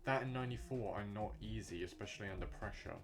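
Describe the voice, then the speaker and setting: Swearing, frustrated young gamer. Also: male voice, lowish voice, quick pace. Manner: frustrated, swearing rants to himself. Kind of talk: gameplay commentary. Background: music.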